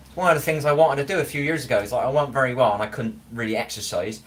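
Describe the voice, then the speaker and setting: A man's voice: mid-range voice, racing, low-quality recording. A man, chatting casually with viewers on a live stream, bantering and swearing now and then. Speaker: livestreamer reading chat.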